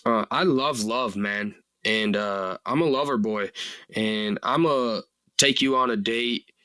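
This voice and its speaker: A man's voice: lowish voice, takes it slowly, sharp tone, no echo, rough recording. A man in his twenties hosting a solo podcast, talking casually and earnestly in a rambling way, full of fillers and casual swearing. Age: 20s. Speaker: podcast host.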